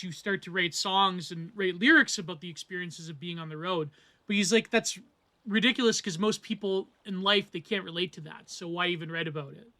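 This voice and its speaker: This man's bright, forward voice sits high for a male speaker. As a film reviewer, he talks through a movie in a loose, digressive monologue, peppered with asides and performed quotes, eventually returning to his point.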